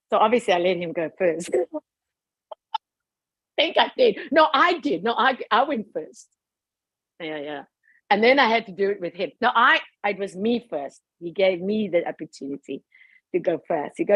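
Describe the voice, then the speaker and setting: A woman shares a personal story on a group call, lively and quick to laugh as she acts out what went through her head. Her voice is husky and sits at a middle pitch. The sound is dry and close, with no room around it. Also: no room sound, muffled recording. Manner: animated, laughs often, acts out her own past thoughts. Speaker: participant sharing a testimony on a group call. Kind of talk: casual emotional storytelling.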